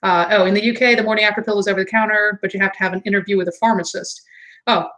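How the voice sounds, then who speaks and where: A woman's voice: steady tone, racing, a bit bright, rough recording. Chatty woman. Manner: chatty, reads and answers chat comments; mimics others in high exaggerated voices. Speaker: livestream host. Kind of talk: casual livestream chat.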